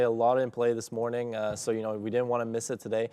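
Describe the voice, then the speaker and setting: A man on a live trading show walking through his trades in a relaxed way, with many fillers. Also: mid-range voice, fast, smooth. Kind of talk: casual trade walkthrough.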